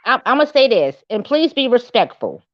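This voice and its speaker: A woman's voice: on the high side, big pitch swings, moderate pace, dry recording. A woman arguing her point in a heated online audio debate, insistent and repetitive, asking others to be respectful. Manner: insistent, repeats herself, pleads for respect. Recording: dull lo-fi audio-room stream.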